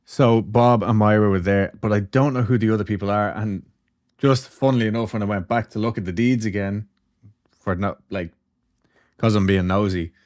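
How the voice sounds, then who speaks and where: A man's voice: lowish voice, steady tone, moderate pace, a little mellow. A man hosting a podcast, telling a story in a loose, chatty way, with swearing and asides. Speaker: podcast host. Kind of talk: casual storytelling chat.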